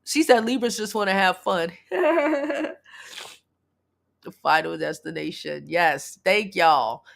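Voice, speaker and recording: A woman in her thirties, from Brooklyn, hosting a casual livestream chat in a blunt, profane, animated way. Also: medium pitch, takes it slowly. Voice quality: gravelly, husky. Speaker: livestream host.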